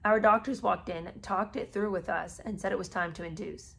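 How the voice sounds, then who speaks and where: A woman's voice: medium pitch, fairly even intonation, normal speed, gravelly, hardly any pauses, husky. A woman podcast host, a mother of three, reads a memoir aloud and breaks off into sarcastic, incredulous asides. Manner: sarcastic, incredulous asides between read passages. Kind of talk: reading a memoir aloud with commentary.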